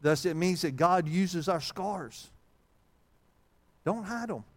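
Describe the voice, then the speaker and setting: Speaking slowly in a high, animated voice, this pastor delivers a humorous, chatty sermon. He often reads out archaic scripture language, and his talk is full of fillers and restarts.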